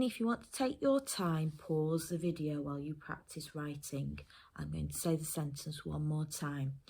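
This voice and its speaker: A woman teacher from England giving a phonics lesson to young children and their parents, sounding out letters slowly and carefully. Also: low voice, creaky, darkish tone, slightly rough. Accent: English. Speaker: primary school teacher.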